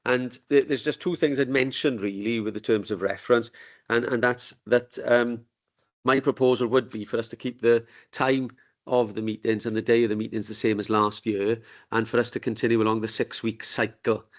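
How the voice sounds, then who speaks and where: A man runs a council committee meeting in a relaxed, easygoing way and jokes with the members. His voice sits at an ordinary middle pitch, with nothing unusual about it. It is picked up by a desk microphone in a meeting room. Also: normal speed. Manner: informal, genial and joking. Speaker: committee chair.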